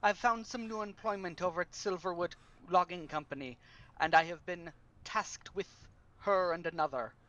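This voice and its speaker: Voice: medium pitch, normal speed, fairly bright tone, dull audio, lightly acted. A player voicing a dry-witted male halfling adventurer, talking wryly, from far off the mic. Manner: wry, dry humor.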